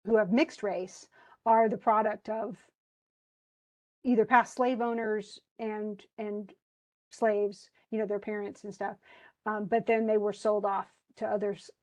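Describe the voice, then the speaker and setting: A woman's voice: mid-range voice, darkish tone, poor audio. A woman college English teacher giving a conversational literature lecture, full of fillers and restarts, who reads story passages aloud.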